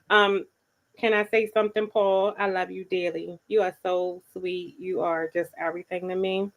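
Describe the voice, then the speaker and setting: A woman's voice: on the low side, little pitch movement, moderate pace. A woman co-hosting a casual talk show, reading viewer comments aloud and laughing often. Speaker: co-host. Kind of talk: casual chat.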